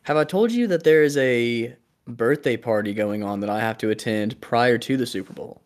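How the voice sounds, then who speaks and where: A man's voice: mid-range voice, moderate pace. Rambling, jokey young man. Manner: rambling, jokey, trails off and restarts. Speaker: podcast co-host. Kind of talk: casual chat.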